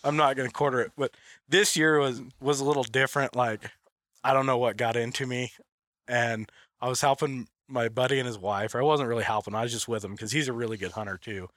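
A man's voice: medium pitch, fairly even intonation, a little fast, a bit bright, dry recording. Chatty man, dry close sound. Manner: rambling, heavy use of "like", laughs often. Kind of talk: casual chat.

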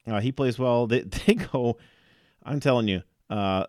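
A man's voice: mid-range voice, measured pace, darkish tone, no room sound, studio quality. A man co-hosting a casual sports podcast, reeling off game stats with fillers and small laughs.

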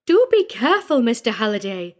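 A male narrator voicing a nervous, fussy titled lady who is easily frightened, in a shrill, squealing voice. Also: very animated, a little fast.

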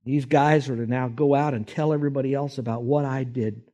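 Jesus, calm and patient, told by a male preacher. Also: medium pitch, a little fast, natural voice.

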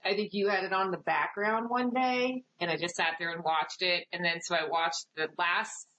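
A woman's voice: fairly low pitch, steady tone, moderate pace, bright, forceful tone, lo-fi sound. A woman guesting on a casual podcast, blunt and frank in her opinions. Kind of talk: casual chat.

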